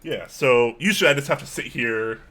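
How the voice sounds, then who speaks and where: A man co-hosting a casual livestream chat, relaxed and quick to laugh. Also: medium pitch. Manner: relaxed, chatty, laughs easily. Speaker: co-host.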